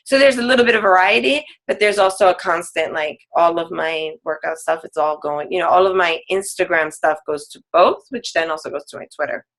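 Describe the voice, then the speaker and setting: A woman's voice: on the low side, brisk, few pauses, a bit bright. A woman fitness coach, a guest on a team call, talking casually with lots of "like" fillers and frequent laughs. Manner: chatty, full of "like" fillers, laughs often.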